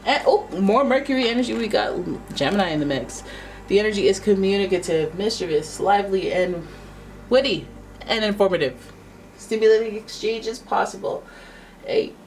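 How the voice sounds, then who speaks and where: A woman's voice: medium pitch, expressive, a little fast, recorded from a distance, a little hiss or hum, poor audio. A woman giving a casual, playful tarot reading, chatting and exclaiming as each card comes up. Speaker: tarot reader.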